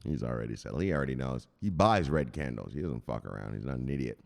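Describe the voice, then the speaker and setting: Gravelly-voiced man joking casually. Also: a bass voice, expressive, fast, darkish tone. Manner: joking, profane, rambling. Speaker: crypto news host. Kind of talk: casual livestream chat.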